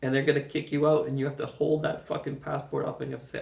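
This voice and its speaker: Gravelly man telling a travel story. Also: medium pitch, level tone, fast, darkish tone. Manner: rambling, emphatic, swears, chuckles often. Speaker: vlogger recounting his own journey. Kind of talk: casual first-person storytelling. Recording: roomy echo, mic far off.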